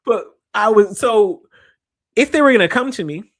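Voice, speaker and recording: A man's voice: sits high, normal speed, dry recording. Middle-aged canadian guy on a podcast, emphatic, dry studio sound. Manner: animated, emphatic storytelling with laughs. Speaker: podcast guest, author. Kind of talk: casual podcast conversation.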